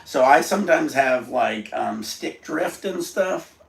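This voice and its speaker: A man's voice: a little high, expressive, slow pace, gravelly. A man hosting a casual home livestream, rambling in a laid-back way and swearing now and then. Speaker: livestream host. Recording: echoey room, faint background noise.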